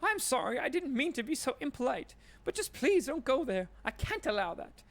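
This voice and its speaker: A man voicing a nervous, superstitious female bookshop owner who pleads in a shrill, flustered way. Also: big pitch swings, normal speed, a bit bright, heavily acted. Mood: panicky pleading.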